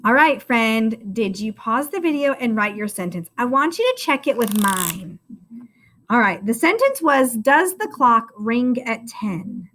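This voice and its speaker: A woman teaching a recorded first-grade phonics lesson, speaking slowly and encouragingly and calling the viewer friend. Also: a little high, big pitch swings, a bit bright.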